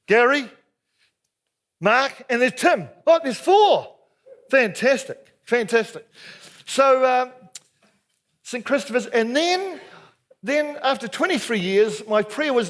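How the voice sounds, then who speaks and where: Lively New Zealand preacher, high animated voice. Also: male voice, slow pace, long pauses. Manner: lively, jokey, chatty, asks the crowd questions. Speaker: Anglican minister, speaker. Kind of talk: storytelling sermon to a men's gathering.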